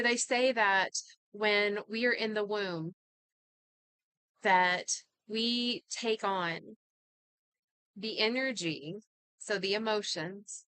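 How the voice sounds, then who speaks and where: Bright, clear-voiced woman talking healing. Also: mid-range voice, no room sound. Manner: earnest, conversational, many asides. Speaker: healing talk host. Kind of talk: casual motivational talk.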